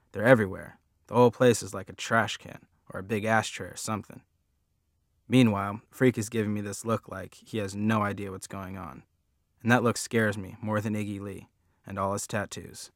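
A man narrating a first-person story in a plain, steady way. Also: fairly low pitch, no room sound, clean studio sound. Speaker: audiobook narrator.

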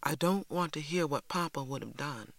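A woman voicing a firm, tired mother in an audiobook, speaking quietly with a hard, controlled edge. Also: deep voice, moderate pace, creaky, dry recording. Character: firm, weary Southern mother. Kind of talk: audiobook character voice.

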